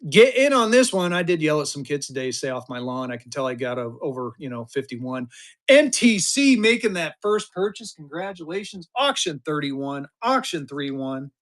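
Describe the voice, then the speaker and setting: Excitable fifty-something guy running a live auction stream, kinda high voice, chatty, cusses a bit. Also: moderate pace. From Colorado. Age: 50s. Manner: excitable, chatty, mild cursing, hypes items to chat. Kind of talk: casual live-stream selling.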